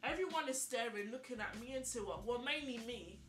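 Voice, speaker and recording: A young woman vlogger telling a story while getting ready, animated and incredulous, full of "like" and repeated questions. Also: a little high, brisk. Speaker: beauty vlogger. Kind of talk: chatty get-ready-with-me storytelling. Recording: echoey room, faint music.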